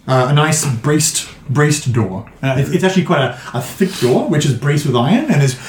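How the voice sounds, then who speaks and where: Man, game master, chatty rambling narration, slightly high voice, echoey room. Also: very animated, moderate pace, slight background noise. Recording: roomy echo.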